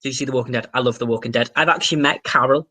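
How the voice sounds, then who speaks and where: A young man with an English accent, hosting a casual livestream and chatting excitably as he answers viewer comments, swearing now and then. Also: mid-range voice, very fast. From England. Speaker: livestream host.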